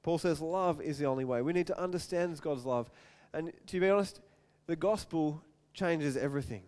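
A man preaching a sermon, telling an animated story and acting out the voices in it. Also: fairly high pitch, moderate pace. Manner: animated, acts out scenes with quoted voices.

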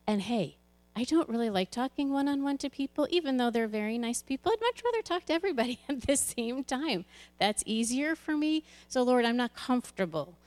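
A woman's voice: sits high, lively intonation, a little fast, darkish tone. A woman who leads a church's children's ministry, giving a candid, conversational personal testimony to a congregation, often restarting her sentences.

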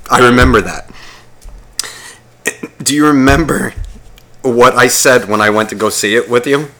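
Bright-voiced profane man telling stories. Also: moderate pace, pauses often. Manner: profane, mimics others in high voices. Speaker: podcast co-host. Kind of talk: crude casual storytelling.

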